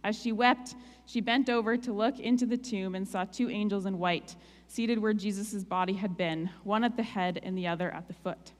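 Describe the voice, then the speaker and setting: A woman's voice: mid-range voice, fairly even intonation, moderate pace. Woman preaching in a reverberant hall. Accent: Canadian. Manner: candid, emotional, conversational with "like" asides. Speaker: guest speaker. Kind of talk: personal storytelling sermon. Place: church hall.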